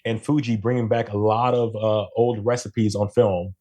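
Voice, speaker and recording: A man's voice: fairly low pitch, normal speed. A man from Jamaica, a photographer guesting on a podcast, talking animatedly in casual chat and often checking in with "right?". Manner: animated, tags statements with "right?".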